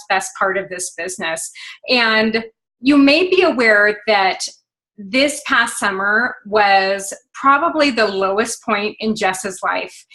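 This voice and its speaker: Bright upbeat woman on a team call. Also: on the high side, rough recording. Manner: upbeat, gushing, many fillers. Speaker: team leader on a sales call. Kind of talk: motivational conference call. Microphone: phone.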